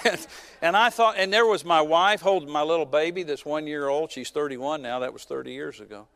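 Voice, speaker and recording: A man in his fifties, a pastor preaching a sermon who tells a personal story with joking asides and swings between loud and soft. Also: a little high, moderate pace, a faint crowd.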